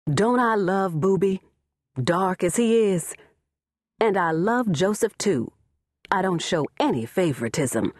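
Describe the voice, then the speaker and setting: An icy, cutting grandmother in her late sixties, put on by a woman narrator. Her voice lifts sharply in scolding and drops cold and low in anger. An audiobook character voice, dry and close. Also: lively intonation, a little slow, darkish tone, no echo.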